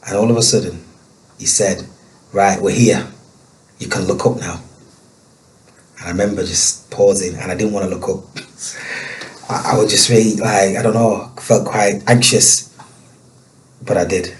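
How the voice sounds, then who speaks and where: A man telling a personal story as a guest, emotional and halting, with many restarts. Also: low-pitched, steady tone, slight background noise, low-quality recording.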